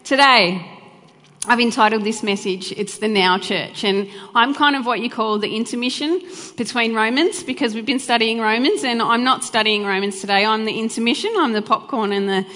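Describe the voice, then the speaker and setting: A woman's voice: a little high, normal speed, bright, forceful tone. Fervent woman preaching in a hall. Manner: fervent, heartfelt, chatty asides. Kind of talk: live church sermon with prayer. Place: church hall during a live service. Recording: long hall reverb, faint music.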